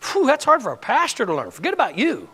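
High, bright-voiced preaching pastor. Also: male voice, wildly swooping pitch, fast, slightly rough. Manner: preaching with rising emphasis and direct questions to the congregation. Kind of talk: sermon.

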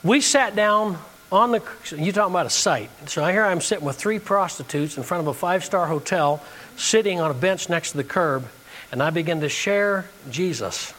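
Animated high-voiced male preacher. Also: moderate pace, big-room sound. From United States. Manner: animated storyteller, acting out dialogue. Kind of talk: sermon with storytelling.

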